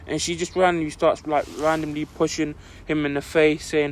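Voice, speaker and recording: Young man, fairly high voice, rambling, casual podcast storytelling. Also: little pitch movement, moderate pace, a little hiss or hum. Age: young adult. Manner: rambling, fills with "like" constantly. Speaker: podcast co-host.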